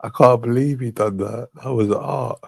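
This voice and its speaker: A man's voice: mid-range voice, moderate pace, vocal fry, breathy edge, no echo. A young man hosting a show, commenting on clips with frequent laughter and mockery. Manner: laughing, mocking. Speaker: host.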